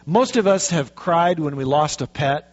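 A man preaching a sermon, telling a story with lively, animated delivery and acting out the quotes. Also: a little high, unhurried. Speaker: pastor. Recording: dull lo-fi recording.

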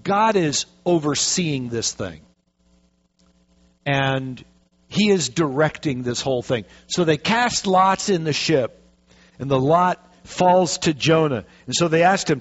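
Male pastor, chatty Bible teaching, folksy asides, slightly high voice, muffled recording. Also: animated, slow pace. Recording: dull lo-fi recording.

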